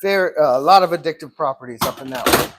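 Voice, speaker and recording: A man who runs a gelato shop, chatting casually on a live stream as he works and often clearing his throat. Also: fairly high pitch, fast. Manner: chatty, talks to himself while working, clears throat often. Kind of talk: casual live-stream chat while working. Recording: clear background noise with clicks.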